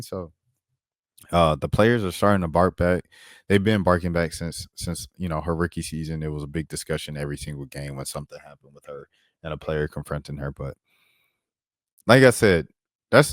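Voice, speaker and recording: A man giving a casual basketball recap on his vlog, animated and slangy, talking while he pulls up clips. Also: low voice, no echo, studio quality. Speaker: basketball commentator and vlogger.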